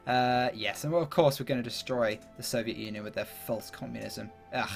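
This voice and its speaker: This gaming YouTuber talks briskly in a medium-pitched voice with vocal fry, a breathy edge and few pauses. He chats casually while playing a strategy game, thinking aloud with lots of fillers and laughing at himself, over soft background music.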